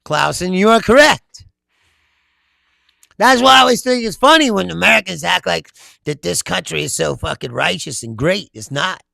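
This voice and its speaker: Reading out viewer comments on his casual political chat, a middle-aged man responds with animated storytelling full of profanity and laughter. His voice sits high, has vocal fry and moves at a moderate pace. The recording is studio quality, with no room sound.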